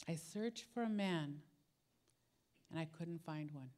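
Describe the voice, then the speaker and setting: A middle-aged woman, a pastor's wife, preaching a sermon in a warm, conversational storytelling way. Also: on the low side, measured pace.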